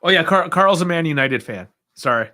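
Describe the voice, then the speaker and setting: A man's voice: a little high, animated, a little fast, bright, forceful tone. A young man hosting a football watch-along stream, chatting casually, reacting aloud with sighs and laughs and talking to his chat. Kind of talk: casual live match commentary.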